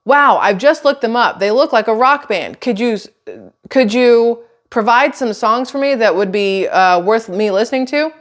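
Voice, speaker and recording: A woman mimicking an overly chipper male chat support agent with cheerful, oblivious, scripted politeness, a little higher than her usual voice. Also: normal speed, lightly acted.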